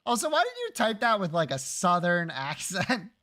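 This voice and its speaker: A man's voice: sits high, big pitch swings, moderate pace, sharp tone. A man streaming live, chatting casually with his viewers, teasing and joking and swearing freely.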